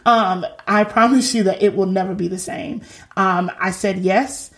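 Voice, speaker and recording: A woman's voice: medium pitch, unhurried. Chatty woman podcast host on faith. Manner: lively, slangy and preachy. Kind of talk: casual faith talk.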